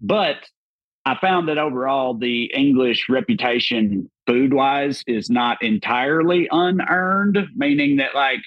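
A man's voice: medium pitch, expressive, measured pace, dry recording, lo-fi sound. Southern guy rambling thru a trip story, swears a lot, dry close sound. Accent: Southern American. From Southern United States. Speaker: podcast guest, comedian. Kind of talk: casual chat.

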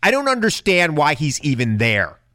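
A man giving an impassioned political monologue, indignant and building to loud rhetorical questions. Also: a little high, wildly swooping pitch, normal speed, no echo, studio quality. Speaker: political commentator.

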